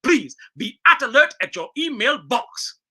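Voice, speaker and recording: A woman reading as a stiff, overly courteous letter writer with a bright, sharp voice. The pitch leaps all over the place as each polite line is read out. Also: big pitch swings, measured pace, husky, heavily acted. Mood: formal.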